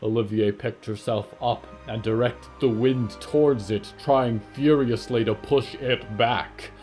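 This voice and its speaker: A man narrating scripted horror fiction in a measured, steady way. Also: mid-range voice. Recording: soft music bed under narration.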